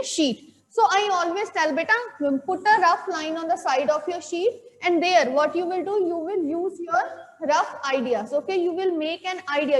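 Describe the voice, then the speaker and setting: A woman's voice: high voice, big-room sound. A woman teacher with an Indian English accent giving a classroom lecture, explaining step by step, repeating key points and checking with "okay?".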